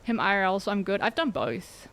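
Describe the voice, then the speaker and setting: A woman's voice: medium pitch, big pitch swings, brisk, fairly bright tone. A young woman streaming a game, chatting casually with her viewers in a sarcastic, giggly way. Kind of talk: casual gameplay livestream chat.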